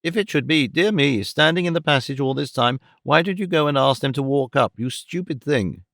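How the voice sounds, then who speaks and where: A man's voice: medium pitch, lively intonation, a little fast, gravelly, fairly bright tone, no echo, clean studio sound. A man voicing a vain, flustered middle-aged mother who flutters between scolding and preening.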